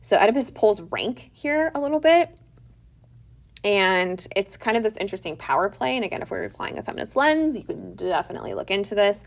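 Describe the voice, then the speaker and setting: In a brisk, creaky, mid-range voice with lively intonation, a teacher chats her way through a play's plot. She uses lots of "like" fillers and recasts what the characters say in conversational terms.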